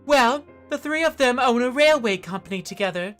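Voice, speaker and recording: A woman voicing a sweet, naive young noble lady in a video game, speaking in an eager, high voice. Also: animated, moderate pace, a bit bright, soft background music. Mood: chatty.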